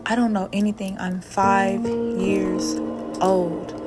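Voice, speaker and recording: A woman's voice: mid-range voice, little pitch movement, takes it slowly. A woman telling a personal spiritual story with emphatic asides to the listener. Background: music.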